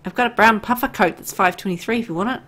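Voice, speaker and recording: A woman's voice: medium pitch, fast talker, a bit bright. A woman hosting a casual gaming session, chatty and giggly as she thinks aloud while looting. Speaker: let's play host.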